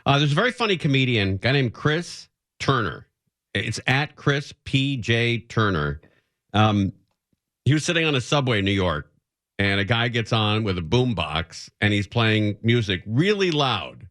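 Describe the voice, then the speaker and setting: A man's voice: medium pitch, a little slow, no room sound, studio quality. A middle-aged man hosting a radio show, chatting casually and rambling through stories. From San Fernando Valley, California. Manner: rambling, animated storyteller. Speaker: radio host. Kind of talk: casual talk radio banter.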